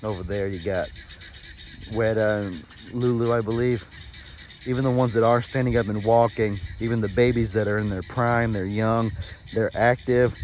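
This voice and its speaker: A man's voice: fairly low pitch, fairly even intonation, normal speed, a little mellow, slight background noise. A man with a Texan accent, chatting casually on his farm vlog in an easygoing, rambling, folksy way. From Texas. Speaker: farm vlogger.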